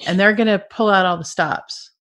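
This is a female interview host who chimes in between her guest's story with measured comments and quick agreement. Her voice is mid-pitched and ordinary, conversational rather than performed. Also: a bit bright, a little hiss or hum. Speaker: podcast host.

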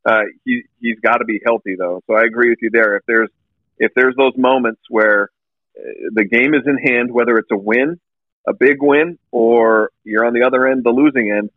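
A man's voice: mid-range voice, normal speed, no echo. A man co-hosting a sports podcast remotely, talking steadily and agreeably, with frequent "uh" fillers. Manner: agreeable, steady, fills gaps with uh. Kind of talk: casual sports talk. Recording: tinny phone-like line.

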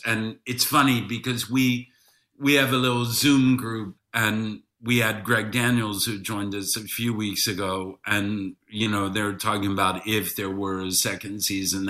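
A man, an actor guest on an interview, talking in a dry, measured, understated way. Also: fairly low pitch, bright, forceful tone. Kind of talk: casual interview chat.

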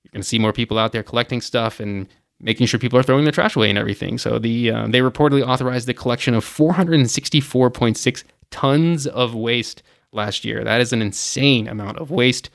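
A man's voice: medium pitch, brisk, gravelly, dry recording, studio quality. A man hosting a travel news podcast, running through the news in a casual, opinionated way with lots of fillers. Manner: chatty and opinionated, many "you know" fillers. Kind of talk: casual news rundown with commentary.

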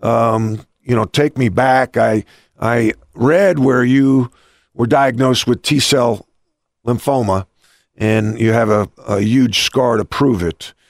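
A man's voice: medium pitch, fairly even intonation, takes it slowly, no echo, studio quality. A man hosting an interview, rambling through anecdotes with frequent restarts. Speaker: host. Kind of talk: casual interview talk.

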